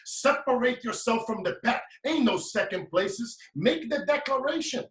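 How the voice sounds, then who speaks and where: Impassioned man, bright high voice. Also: animated, moderate pace. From Brazil. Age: late 30s. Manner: preaching, repetitive, emphatic. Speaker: motivational speaker guest. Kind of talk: impassioned motivational talk. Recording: echoey room, mic at a distance.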